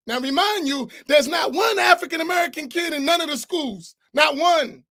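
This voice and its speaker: A man's voice: very high-pitched, moderate pace, hardly any pauses, bright, forceful tone. A man, an imam, giving a class talk at a mosque in a blunt, emphatic, everyday way.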